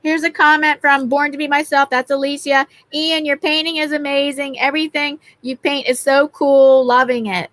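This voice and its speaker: A woman's voice: sits high, level tone, normal speed, hardly any pauses, a bit bright. A woman with a Lancashire accent hosting a live stream and reading out chat comments in a slightly flustered way. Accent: Lancashire English.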